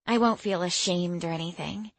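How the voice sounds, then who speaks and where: A woman's voice: fairly low pitch, normal speed, dry recording. A woman voicing a hesitant, good-natured teenage girl in an audiobook. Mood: playful.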